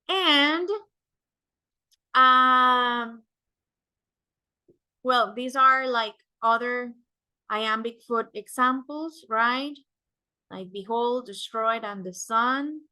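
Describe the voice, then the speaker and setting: A woman lectures to a class in a bright, forceful voice, pitched a little high. She speaks slowly and explains step by step, checking in with "right?" as she goes. Her first language is Spanish. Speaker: teacher.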